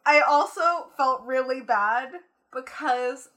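A young woman on her podcast, laughing at herself as she recounts stories with lots of "like". Her voice sits high and sounds bright and crisp. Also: takes it slowly. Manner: giggly, self-deprecating storytelling with many "like"s. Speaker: podcast co-host. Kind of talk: casual chat.

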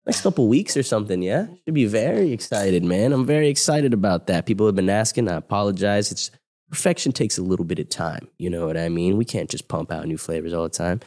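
Animated man with a low, lively voice. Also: fast. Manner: animated, joking, hypes things up. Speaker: podcast co-host. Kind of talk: casual chat.

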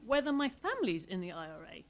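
A woman's voice: medium pitch, big pitch swings, quick pace, slight background noise. Woman reading an awkward young man, hesitant and defensive.

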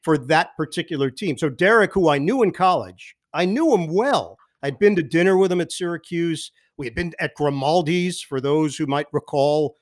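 A man who works as a sports broadcaster, telling lively anecdotes as a podcast guest and mimicking the people in them. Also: fairly high pitch, moderate pace, few pauses. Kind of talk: animated storytelling in a podcast interview.

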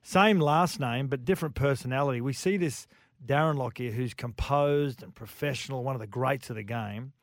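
A man's voice: medium pitch, moderate pace, dry recording, studio quality. A man with an Australian accent hosting sports radio, feeding questions to a guest with a teasing tone. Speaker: radio host. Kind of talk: casual radio chat. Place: radio studio.

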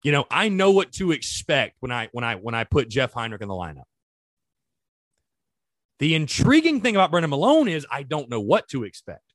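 A man's voice: medium pitch, sing-song, a little fast, fairly bright tone, no echo. A man hosting a sports podcast, talking casually and animatedly straight to his listeners. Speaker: podcast host. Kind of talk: solo sports podcast talk.

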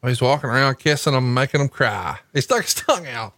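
A man hosting a podcast, chatting casually and telling animated stories while watching a wrestling match. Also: mid-range voice, quick pace, dry recording. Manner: animated storytelling, swears casually. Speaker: podcast host.

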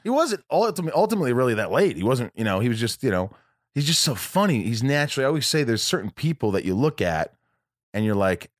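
A man's voice: medium pitch, big pitch swings, fast talker, no echo, clean studio sound. A man hosting a podcast from home in casual chat, rambling along with frequent restarts and self-corrections. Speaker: podcast host.

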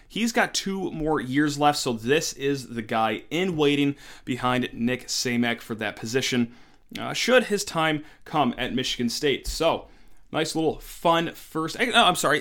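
A young man giving an excited solo talk on college football recruiting, with animated outbursts. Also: on the high side. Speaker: sports recruiting commentator.

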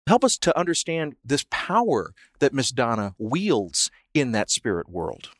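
A man hosting an interview show, asking long, carefully framed questions in a measured, articulate way from a studio. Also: medium pitch, very animated, dry recording. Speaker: radio show host. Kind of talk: interviewing a guest.

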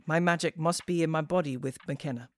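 A woman voicing a calm, measured witch. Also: deep voice, lightly acted. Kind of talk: audio drama acting.

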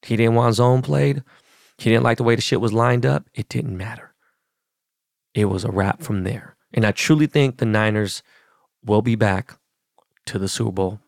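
Gravelly, profane man talking football. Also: fairly low pitch, normal speed, long pauses, no room sound, studio quality. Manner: profane, animated, acts out quotes. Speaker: podcast host. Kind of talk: casual sports talk.

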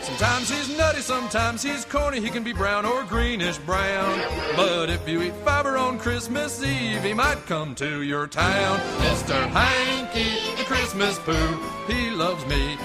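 A man's voice: animated, unhurried, few pauses. A man voicing a cheerful singing Christmas poo in a cartoon song. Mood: jolly singing. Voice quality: high sing-song cartoon voice. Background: loud cartoon music.

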